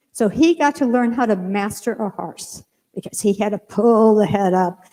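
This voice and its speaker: An older woman minister preaching a sermon, telling a lively personal story and acting out her own lines in a church sanctuary. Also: on the high side. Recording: long hall reverb.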